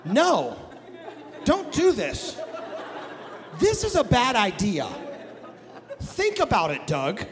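A man's voice: extremely high pitch, huge pitch swings, slow, pauses often, some chatter behind, full character voice. A man putting on a pleading little sister. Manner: earnest, pleading. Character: six-year-old little sister, sensible and pleading. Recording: long hall reverb.

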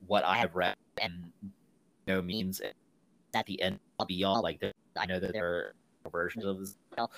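A man's voice: lowish voice, vocal fry, a bit bright, no echo. A man co-hosting a podcast, casually retelling a film's plot and acting out the characters' lines in a raised voice. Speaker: podcast co-host. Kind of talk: casual film discussion.

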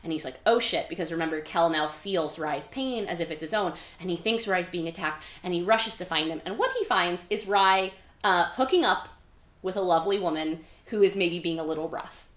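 Her voice lowish and a bit bright, this podcast host talks a little fast as she casually summarizes a book. Frequent "like"s and occasional swearing fill her chatter, which echoes around the room.

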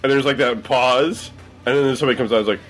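A man with an ordinary mid-pitched voice rambles through a casual podcast story. He stumbles over his starts and sounds amused at his own tale. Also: fairly even intonation, quick pace, faint music behind. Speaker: podcast regular.

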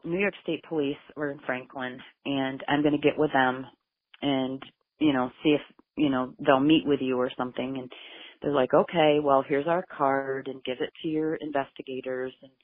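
A woman's voice: very deep voice, steady tone, moderate pace, no room sound. A mother recounting her search for her missing son in an interview, intense and emotional as she quotes what everyone said. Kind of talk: telling her story in an interview. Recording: phone-like narrow sound.

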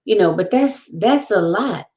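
A woman's voice: mid-range voice, expressive, a little slow, darkish tone. A woman hosting an interview, affirming her guest with frequent murmurs of agreement. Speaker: show host. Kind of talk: casual interview talk.

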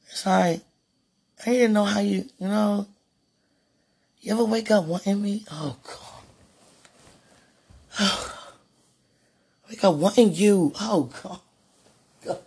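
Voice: mid-range voice, takes it slowly, gravelly, long pauses, husky. A speaker in a fervent devotional monologue, sighing and laughing often and repeating words.

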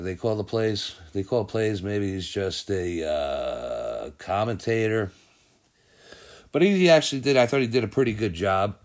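On his casual sports podcast, this host, whose voice sits on the low side, works through the results and news in a rambling, think-out-loud way, often stopping to correct himself.

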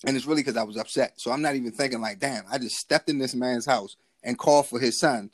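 Fast-talking man telling a story. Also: mid-range voice, dry recording. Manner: profane, animated, acts out quotes in the story. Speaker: podcast co-host. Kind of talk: casual storytelling chat.

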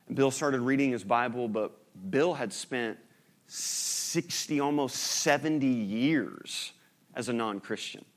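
Male pastor, conversational sermon delivery, questions to the congregation, light humor. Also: medium pitch.

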